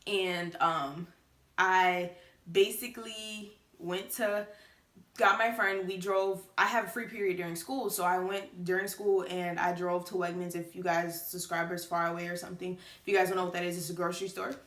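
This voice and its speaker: A woman's voice: lowish voice, level tone, normal speed, fairly bright tone. Chatty teenage girl, echoey room. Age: late teens. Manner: chatty, many fillers. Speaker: vlogger. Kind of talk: casual storytelling to camera.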